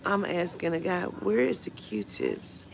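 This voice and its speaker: A woman's voice: lowish voice, huge pitch swings, slow, vocal fry. A woman vlogger telling a storytime rant in a blunt, profane way. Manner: blunt and profane, retelling a run-in. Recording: music playing under the voice.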